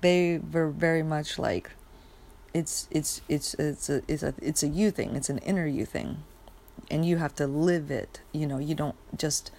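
Sleepy, low-voiced young woman ranting. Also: creaky, darkish tone. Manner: rambling, profane, many fillers and restarts. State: sleepy, yawning. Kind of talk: casual rant monologue.

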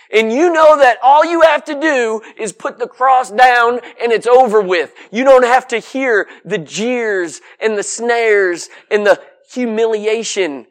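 A man preaching a sermon to a congregation in an emphatic, folksy way, piling up lists and asking rhetorical questions. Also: high voice.

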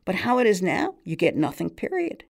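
A woman playing an excitable New York barman. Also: high voice, fairly quick, vocal fry, full character voice. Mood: eager. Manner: earnest, excitable, streetwise. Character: nervous, eager male New York barman.

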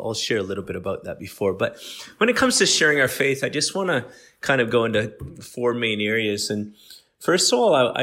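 Middle-aged man, slight Aussie tinge, lowish voice, easygoing podcast teacher who thinks aloud. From Canada. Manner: relaxed, conversational, many fillers and restarts. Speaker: guest speaker.

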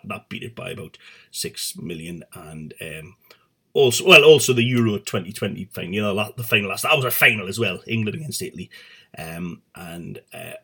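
A man's voice: fairly low pitch, vocal fry, a bit bright, slightly rough. A middle-aged man hosting a satirical comedy show, rambling and swearing with stumbling restarts.

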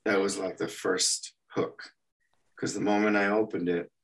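A man's voice: fairly low pitch, a little slow, vocal fry, recorded from a distance. A man from El Paso, an animation artist, telling stories in an interview and acting out the quotes. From El Paso, Texas. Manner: animated storyteller, acts out quotes. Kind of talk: anecdotal storytelling.

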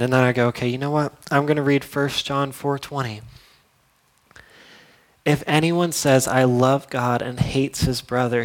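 A young man preaching a casual, conversational sermon, upbeat and then dropping to a soft prayerful tone. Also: mid-range voice, fairly even intonation, unhurried. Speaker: pastor.

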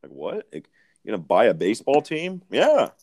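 A man's voice: mid-range voice, huge pitch swings, normal speed, a little mellow. A young man from Idaho co-hosting a podcast in casual chat, loose and swearing, laughing at his own jokes. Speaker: podcast co-host.

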